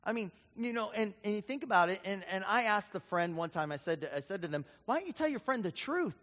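A man's voice: sits high, fast. A man preaching a sermon as pastor, telling stories and acting out the voices of the people in them. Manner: storytelling, animated, acts out quoted voices. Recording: dull sound with long hall reverb.

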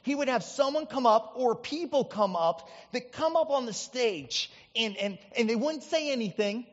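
A male pastor from the US Midwest preaches in a chatty, animated storytelling style full of asides. His voice is high. It echoes with a long church-hall reverb, and the recording is dull. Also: moderate pace. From Indiana, US Midwest. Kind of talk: storytelling sermon.

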